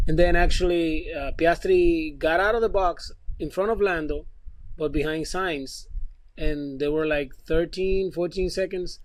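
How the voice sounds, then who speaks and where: A man guesting on a podcast, relaxed and chatty, with casual swearing as he tells his stories. His voice sits a bit high for a man. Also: measured pace, no room sound, rough recording.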